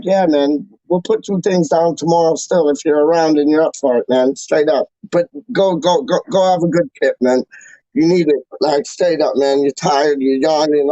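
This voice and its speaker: A man's voice: fairly high pitch, mellow, no echo, muffled recording. A man hosting a fan channel, talking in a casual, slangy and emotional way with many repeated exclamations.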